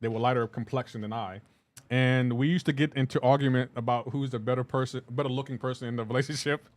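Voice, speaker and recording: A man's voice: mid-range voice, fairly even intonation, quick pace. A man talking casually with his live chat while gaming, rambling and laid-back, often laughing. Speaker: livestreaming gamer.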